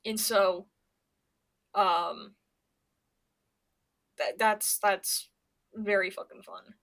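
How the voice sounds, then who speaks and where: A woman's voice: mid-range voice, fairly even intonation, extremely slow, fairly bright tone. A young woman from Pennsylvania chatting casually on her stream, rambling and swearing, with lots of stammered restarts. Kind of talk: casual chat.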